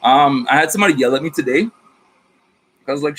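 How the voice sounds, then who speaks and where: A man's voice: mid-range voice, quick pace, slight background noise, low-quality recording. A man reading tarot on his vlog, talking casually about spirit guides with slang, swearing and a rambling manner. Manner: slangy, profane, rambling and animated. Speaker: tarot reader.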